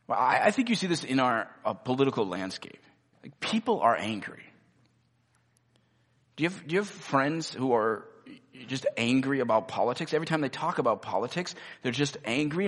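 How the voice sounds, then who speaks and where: A man's voice: medium pitch, fairly bright tone. Male pastor, easygoing sermon delivery, mid voice, reverberant hall sound. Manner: conversational, many rhetorical "right?" tags.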